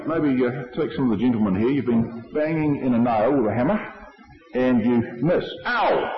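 A man delivers a measured, explanatory sermon to a congregation. His voice rings through a large reverberant hall, and the recording sounds dull and lo-fi. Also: medium pitch. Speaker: preacher.

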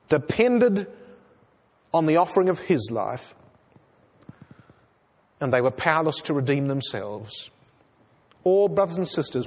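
A man's voice: a little high, a little mellow. A man preaching an expository sermon, speaking earnestly and asking the congregation rhetorical questions. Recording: long hall reverb.

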